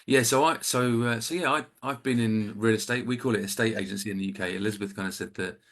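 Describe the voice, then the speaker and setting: A man's voice: lowish voice, fast talker, fairly bright tone. A man in his forties with an English accent, a guest on a video call, talking in a chatty, self-deprecating way with rambling asides. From England. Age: 40s. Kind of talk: casual video-call chat.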